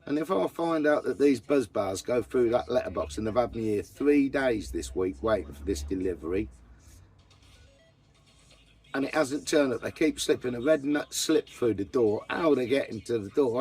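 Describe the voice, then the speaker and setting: A man's voice: medium pitch, a little mellow, breathy edge. A man chatting casually to camera about his camper van, blunt and full of swearing. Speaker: vanlife vlogger.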